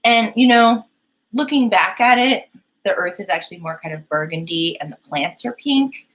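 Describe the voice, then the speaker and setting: A woman's voice: on the low side, expressive, moderate pace, a bit bright, a little hiss or hum, rough recording. A young woman hosting a painting live stream, chatting casually and giggling as she talks to her chat. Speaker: painting livestream host.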